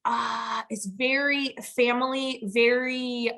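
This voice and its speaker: Bright, emotional Midwestern woman. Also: fairly high pitch, steady tone, slow. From Nebraska, USA. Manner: empathetic, emotional, chatty. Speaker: podcast host, interviewer. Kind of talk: warm conversational interview.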